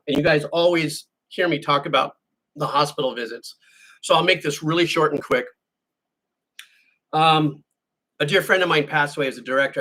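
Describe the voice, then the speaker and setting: Bright-voiced man, rambling chat. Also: a little high. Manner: rambling storyteller who restarts and corrects himself. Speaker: music channel host. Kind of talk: casual chat answering viewer questions.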